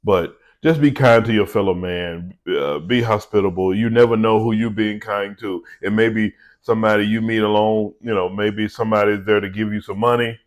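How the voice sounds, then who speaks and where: A man's voice: fairly low pitch, fairly even intonation, moderate pace, hardly any pauses. A middle-aged man, a vlogger and small business owner, giving an earnest, conversational devotional talk to his viewers.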